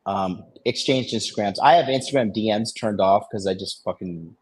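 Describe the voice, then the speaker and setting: A man's voice: on the low side, normal speed, a little mellow, slightly rough. A man casually telling a story in a men's dating discussion, boastful and profane, rambling with plenty of fillers and restarts. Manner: boastful, swears freely.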